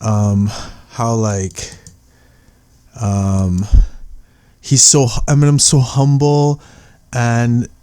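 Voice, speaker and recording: A man talking through a casual commentary, rambling and restarting his sentences as he goes. His voice sits at an ordinary middle pitch. The sound is dry and close, with no room around it. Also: flat delivery, very slow, mellow, clear, resonant tone, dry recording. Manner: rambling, filler-heavy, many restarts. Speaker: conspiracy video commentator.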